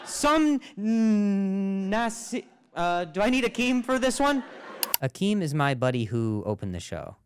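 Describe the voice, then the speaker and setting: A man's voice: on the high side, very animated, moderate pace, a little hiss or hum, rough recording. A man doing stand-up crowd work on a club stage, riffing playfully with mock exasperation and stammered restarts. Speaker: stand-up comedian. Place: comedy club stage with live audience.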